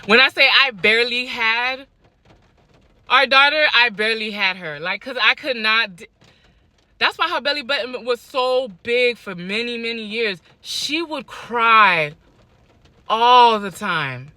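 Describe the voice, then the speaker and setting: A young adult woman telling a personal story on her vlog, animated, repeating lines for emphasis and laughing between them. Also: a little high, moderate pace, no echo.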